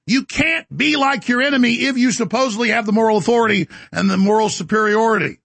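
A man's voice: very high-pitched, fast talker, a bit bright, no room sound. A man hosting a talk show, delivering a heated, boastful political rant and breaking into mocking voices. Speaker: commentary show host.

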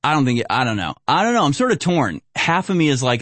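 A man's voice: medium pitch, lively intonation, brisk, a bit bright, dry recording. A man giving casual commentary on video clips, rambling and hesitant with sarcastic asides.

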